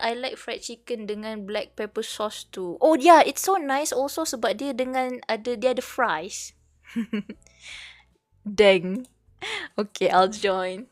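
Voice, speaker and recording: A woman's voice: high-pitched, fairly bright tone. A young Malaysian woman with a Malaysian English accent, chatting casually on her livestream and switching between English and Malay. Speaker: VTuber streamer. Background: faint background music.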